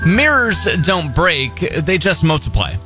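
A man's voice: on the high side, sing-song, a little slow, over music. A man co-hosting a morning radio show, teasing his partner and laughing a lot in casual banter.

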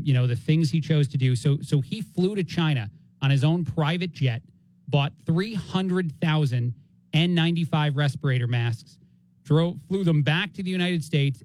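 A man's voice: fairly high pitch, darkish tone, no room sound, low-quality recording. A man from New Jersey hosting a talk radio show from a home basement studio, rambling and chatty with lots of fillers. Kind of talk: casual talk radio chat.

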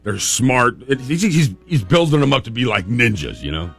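A male talk host spins a comic story, full of laughter and acted-out voices. His pitch is middle-of-the-road but swings widely. Faint music plays underneath. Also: normal speed, creaky. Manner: animated, laughing often, acting out voices. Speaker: radio host telling a story. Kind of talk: casual storytelling.

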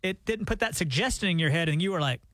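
A man's voice: high voice, expressive, fast talker, fairly bright tone, no echo. A man co-hosting a morning radio show, teasing his partner with wisecracks. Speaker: radio co-host. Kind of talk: casual morning radio banter. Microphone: studio microphone.

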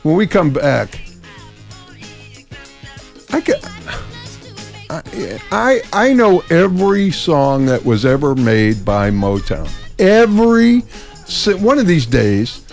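Gravelly, lively-voiced radio host man. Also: a little high, takes it slowly, long pauses, soft background music. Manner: laughs often, boastful and playful. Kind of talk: casual radio chat.

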